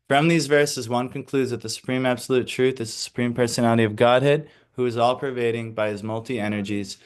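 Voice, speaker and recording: A man's voice: medium pitch, smooth. Man reading scripture aloud to a class. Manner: reads steadily, then slips into casual asides with fillers; hesitant over Sanskrit recitation.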